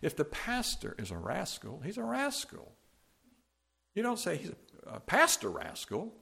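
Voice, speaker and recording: A man's voice: a little high, huge pitch swings, measured pace, vocal fry, husky. Man preaching with big dynamic swings. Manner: expository preaching with wide swings between loud emphatic peaks and quiet asides. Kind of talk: sermon.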